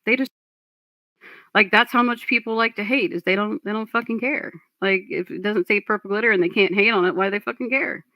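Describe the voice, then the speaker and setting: A woman's voice: mid-range voice, a little fast, pushed and bright, dry recording. A woman reacting to a clip on her stream, trading sarcastic jabs and curses with the person in it. Her voice sits mid-range and the sound is dry, close and free of any room. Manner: sarcastic, profane, scolding.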